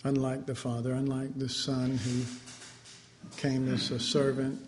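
Male preacher, middle pitch, loose rambling delivery with animated quoted asides; faint noise behind. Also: unhurried. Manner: rambling, hesitant, with many fillers and animated acted-out quotes. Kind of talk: informal sermon.

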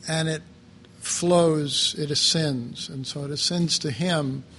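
Male preacher, fairly high voice, slow halting sermon delivery, faint low rumble behind. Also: fairly even intonation, a bit bright. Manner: slow, halting, reflective, with many pauses and fillers.

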